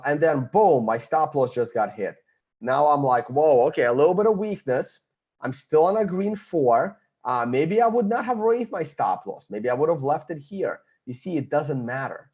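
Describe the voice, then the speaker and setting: A man's voice: medium pitch, a little mellow. Guy doing a chart breakdown, blunt and sure of himself, kinda dull lo-fi audio. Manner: blunt, confident, thinks aloud over a chart. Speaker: market analyst. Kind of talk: screen-share chart analysis.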